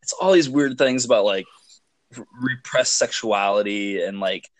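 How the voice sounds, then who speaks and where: A man's voice: on the low side, moderate pace, no echo. A man co-hosting a podcast, chatting casually with enthusiasm, rambling with lots of fillers and swearing. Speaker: podcast co-host. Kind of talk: casual chat.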